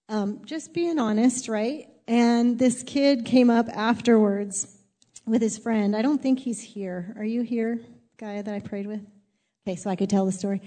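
A woman pastor preaching in a church sanctuary, with a mellow tone and a voice pitched a little high. She talks in a candid, chatty and self-deprecating way. The sound rings with the long reverb of a large hall. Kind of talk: sermon.

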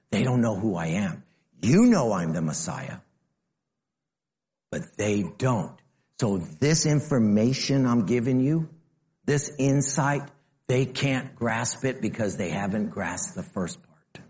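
A man preaching a sermon, animated, swinging between near-shouts and low asides, and acting out the people he quotes. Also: unhurried. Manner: acts out the quoted speakers in heightened voices. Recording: long hall reverb.

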